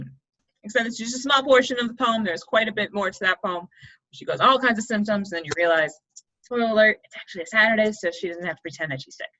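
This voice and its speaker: A woman's voice: mid-range voice, fast talker, bright, forceful tone, highs cut off. A woman coach teaching a chatty, upbeat online writing lesson, explaining step by step.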